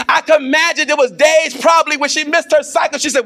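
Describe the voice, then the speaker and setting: High-voiced impassioned preacher man. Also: fairly even intonation, quick pace, creaky, hardly any pauses. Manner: impassioned, repeats phrases and swells into shouts. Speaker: pastor. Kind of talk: sermon.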